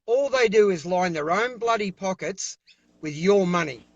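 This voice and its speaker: A man's voice: sits high, expressive, moderate pace, dry recording, dull audio. An Australian man speaking over a video call as an interview guest, giving fiery, emphatic political talk and repeating himself when worked up.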